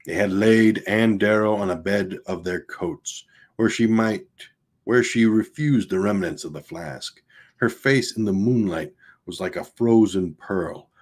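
A man's voice: sits low, slightly rough. A man reading a novel aloud in an unpolished, homemade style, with restarts and casual asides. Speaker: audiobook reader.

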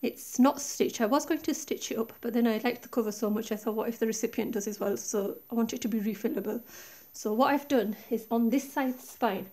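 A woman's voice: on the high side, a little fast, few pauses. A woman walking through a handmade craft project in a casual, chatty show-and-tell, recorded on a tablet set up above her desk. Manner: chatty, relaxed, pointing things out step by step. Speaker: craft tutorial maker. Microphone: tablet camera set high above the desk.

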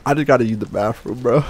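A man's voice: medium pitch, moderate pace, vocal fry, slight background noise. A young man gaming and chatting casually, out of breath and burning from hot wings, groaning and joking between exclamations. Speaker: gaming YouTuber.

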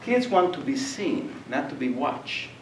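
A man's voice: fairly high pitch, a little slow. An older man gives a lecture, telling vivid stories and slipping into voices for the people in them. He sits well back from the microphone in a reverberant hall. There is a faint background hiss. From Colombia. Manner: animated storyteller, acts out voices and laughs. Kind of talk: public lecture with storytelling. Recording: echoey room, distant mic, faint noise.

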